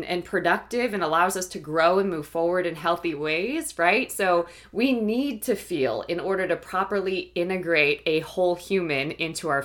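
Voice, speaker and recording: Earnest woman teaching, low-pitched voice. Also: a bit bright. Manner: checks in with listeners with a frequent "okay?" and "right?"; earnest, explanatory, occasional restarts. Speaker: Christian teacher and life coach. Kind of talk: faith-based teaching talk.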